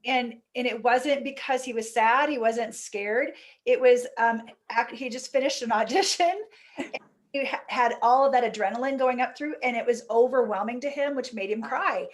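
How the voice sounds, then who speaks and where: Casting note: woman with higher voice, gentle storyteller. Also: normal speed. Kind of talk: casual discussion.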